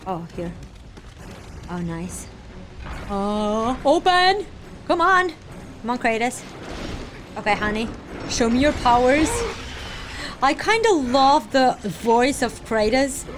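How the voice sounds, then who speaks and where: A woman playing a video game, reacting excitably and cheering on the character. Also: fairly high pitch, slow, pauses often, a little hiss or hum, rough recording. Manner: excitable, exclaiming, talks to the character. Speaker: gamer streamer. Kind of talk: live gameplay reactions. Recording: voice over loud game music.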